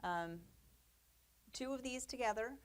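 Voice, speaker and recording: A woman's voice: fairly high pitch, measured pace, slight background noise. A woman giving a chatty, upbeat studio demonstration as a quilting instructor. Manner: chatty, upbeat, with fillers and little laughs. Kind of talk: casual demonstration lesson.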